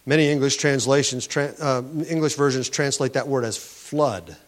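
A pastor with a medium-pitched voice preaches at normal speed, explaining scripture in an earnest teaching tone. He often restarts his sentences and stresses words for emphasis.

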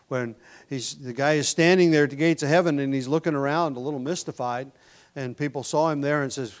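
A man preaching a sermon. He often drops to a soft, hushed voice and then rises to loud, emphatic lines, and he sometimes restarts or repeats words while he explains. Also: fairly high pitch, a little fast. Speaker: pastor.

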